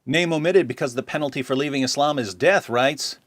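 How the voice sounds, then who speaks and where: A man's voice: on the high side, a little fast, no room sound, studio quality. A middle-aged man hosting his channel, reading viewer comments aloud and answering them in a sarcastic, combative commentary. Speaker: channel host.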